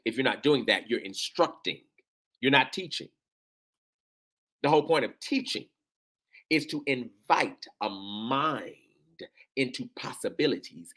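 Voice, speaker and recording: A man's voice: medium pitch, sharp tone. Fervent man preaching to teachers. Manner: emotional, call-and-response, repeats phrases. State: near tears at times. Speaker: speaker addressing teachers.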